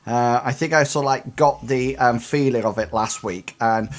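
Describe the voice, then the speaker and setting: A man's voice: mid-range voice, moderate pace. A man hosting and running a tabletop game over a video call, chatty and hesitant, with many fillers and restarts. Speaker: game master.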